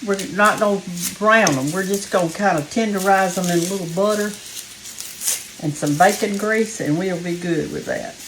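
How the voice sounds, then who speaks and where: A woman's voice: medium pitch, moderate pace, background noise. Folksy Southern woman cooking at home. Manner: folksy and chatty, talks straight to viewers as "y'all". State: a little out of breath. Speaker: cooking show host. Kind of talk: casual cooking demonstration. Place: home kitchen. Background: faint frying sizzle.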